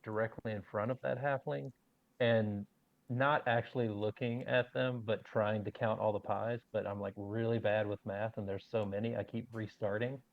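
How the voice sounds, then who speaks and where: Casual male player, gravelly, rambling; muffled lo-fi recording. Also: lowish voice, steady tone, normal speed, dry recording. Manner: rambling, filler-heavy. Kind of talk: casual tabletop role-play. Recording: dull lo-fi mic.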